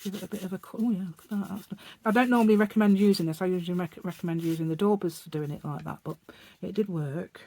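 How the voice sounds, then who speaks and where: A woman's voice: lowish voice, fast talker, hardly any pauses, dark tone. A middle-aged woman chatting casually through a craft tutorial at her desk, rambling and laughing often. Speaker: craft channel host.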